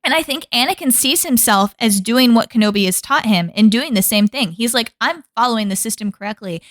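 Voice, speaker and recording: A woman co-hosting a casual podcast chat, animated, laughing often and swearing freely. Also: fairly high pitch, brisk, no echo, clean studio sound. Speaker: podcast co-host.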